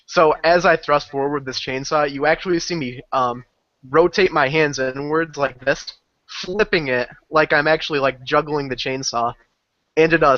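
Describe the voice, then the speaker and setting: A man's voice: on the high side, bright, forceful tone, dry recording. A man playing a tabletop game, describing his character's actions in vivid, graphic detail. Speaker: player. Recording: dry, dull lo-fi call audio.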